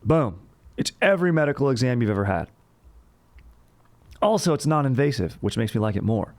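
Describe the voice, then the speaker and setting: Brisk and sing-song, this podcast host has a mid-range male voice that's a little mellow. He rambles through comedic, casual history chat with jokes, bro slang, and a constant stream of "dude."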